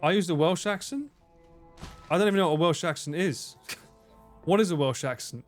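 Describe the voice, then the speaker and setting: Joking male gamer, casual banter, high voice, faint music behind. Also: brisk. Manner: joking, playful. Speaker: gamer in a replayed video. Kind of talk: casual banter over gameplay.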